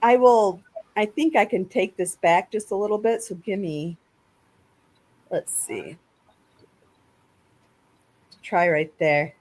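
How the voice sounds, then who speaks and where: A woman's voice: medium pitch, expressive, unhurried, pauses often, dark tone. A woman hosting a casual panel discussion over a video call, explaining things at length with frequent restarts. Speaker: podcast host.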